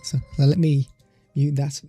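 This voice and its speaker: A man's voice: a little high, level tone, moderate pace, warm tone, husky, dry recording, faint music behind. Chatty man on a dry mic. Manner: chatty, loose, stops to talk to his pet. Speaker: tech livestream host. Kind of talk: casual live product demo. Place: home desk streaming setup. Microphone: studio microphone through a mixer at a desk.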